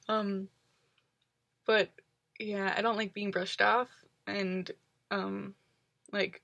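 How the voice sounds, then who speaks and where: A woman vlogger talking casually to camera in a rambling, reflective way, often pausing with ums and likes. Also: medium pitch, creaky, fairly bright tone, no echo. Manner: reflective, analytical.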